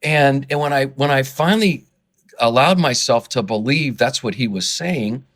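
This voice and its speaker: A man's voice: medium pitch, normal speed. A man speaking as a guest in a podcast interview, passionate and getting worked up, earnest, with many restarts and repeated words. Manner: passionate, gets worked up and excited. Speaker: interview guest, fundraising consultant.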